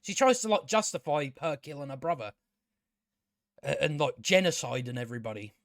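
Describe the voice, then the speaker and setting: Male TV reviewer, high-pitched, dry recording, profane and sarcastic, stumbles over his words. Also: animated, fairly quick, dry recording. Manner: stammering, frequent restarts. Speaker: TV show reviewer. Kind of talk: casual solo review rant.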